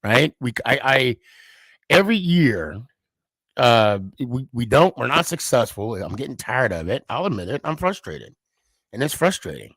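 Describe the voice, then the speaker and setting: A man's voice: mid-range voice, sing-song, moderate pace, fairly bright tone, no echo. A man hosting a podcast, telling a casual, rambling and profane story as a frustrated sports fan who pokes fun at himself. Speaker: podcast host.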